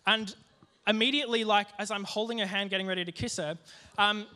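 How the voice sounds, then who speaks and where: Bright, high-voiced young man preaching. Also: fairly quick. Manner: lively, joking storyteller with asides. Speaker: youth group speaker. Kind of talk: youth sermon with personal storytelling.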